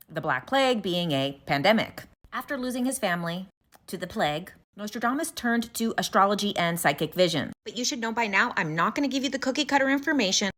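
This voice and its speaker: A woman's voice: mid-range voice, fairly bright tone. A woman hosting a casual storytelling vlog, chatty and enthusiastic, with some swearing. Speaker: host.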